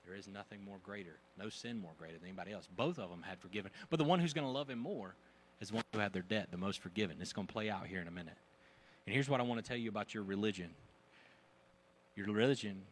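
A man preaching a sermon in a conversational, animated way, using casual slang. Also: lowish voice, a little hiss or hum. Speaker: pastor.

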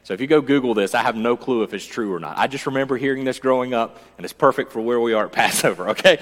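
Male pastor, mid pitch, loose joking sermon delivery, long church reverb. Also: fast, hardly any pauses.

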